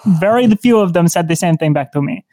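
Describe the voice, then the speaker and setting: A man's voice: a little high, animated, brisk, darkish tone, dry recording, clean studio sound, natural voice. A man voicing a naive half-vampire detective who talks in an earnest, rambling, awkwardly literal way.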